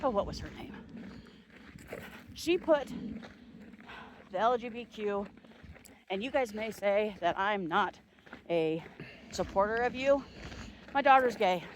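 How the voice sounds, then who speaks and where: A woman's voice: medium pitch, lively intonation, unhurried, long pauses, a little hiss or hum. A middle-aged woman vlogger delivering a heated, emphatic and sarcastic rant, recorded outdoors while on a walk. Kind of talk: angry rant.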